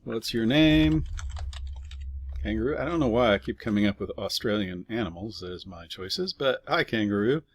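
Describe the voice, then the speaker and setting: A man's voice: fairly low pitch, animated, fairly quick, few pauses, dry recording. A man teaching a casual programming lesson, explaining step by step with fillers and offhand asides while typing. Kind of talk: casual screen-recorded coding lesson.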